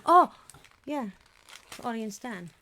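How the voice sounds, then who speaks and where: A woman's voice: on the high side, very animated, slow, pushed and bright. A woman co-hosting a casual chat show, dry and matter-of-fact. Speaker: co-host.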